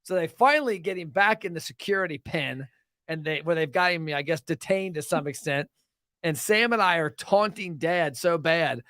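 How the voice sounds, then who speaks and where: Young man, podcast host, joking storyteller, slightly high voice, dry sound. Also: expressive, moderate pace, bright, forceful tone, dry recording. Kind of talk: casual storytelling chat.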